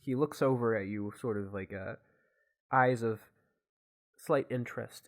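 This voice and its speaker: A man narrating as game master, describing scenes in a halting way with many fillers. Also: mid-range voice. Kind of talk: improvised tabletop narration.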